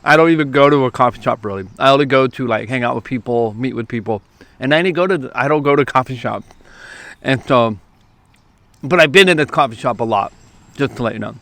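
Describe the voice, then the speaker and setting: A man from California, a youth preacher, telling a story to camera outdoors at a park, lively and quick, acting out what others said. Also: medium pitch. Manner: lively, quick bursts, acts out quoted lines.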